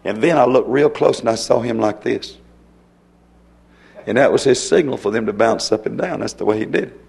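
A man's voice: medium pitch, moderate pace, darkish tone. A man preaching a sermon in a folksy storytelling way, with sudden emphatic rises. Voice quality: gravelly, husky voice. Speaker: pastor.

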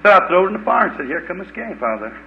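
A man preaching a fiery, folksy revival sermon, swinging from loud preaching to low muttered asides. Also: big pitch swings, rapid-fire, slight background noise. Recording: dull lo-fi old recording.

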